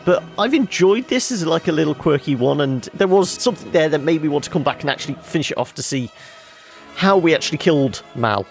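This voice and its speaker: A man chats casually as he closes out a game video, full of asides. His voice sits a little high with a gravelly edge. Quiet game music plays under him. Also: lively intonation, fast. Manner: chatty, wraps up with asides. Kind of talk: casual let's play commentary.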